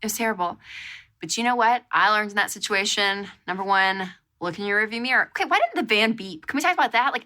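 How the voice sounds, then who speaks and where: A woman hosts her show, chatting through a story in an animated, filler-heavy way. Her voice sits at an ordinary pitch for a woman but carries a bright, forward edge. She sounds relaxed and talkative. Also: quick pace. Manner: animated, chatty, lots of fillers and repeated exclamations. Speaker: show host. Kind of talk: casual storytelling monologue.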